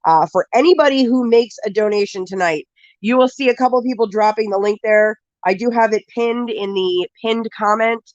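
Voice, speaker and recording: A fairly high-voiced woman with a cold chats through a casual live stream from her craft desk, sniffly but upbeat as she greets viewers by name. The audio is close and dry, with a slightly dull, lo-fi edge. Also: moderate pace, no room sound. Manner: chatty, greets viewers one by one with bursts of excitement.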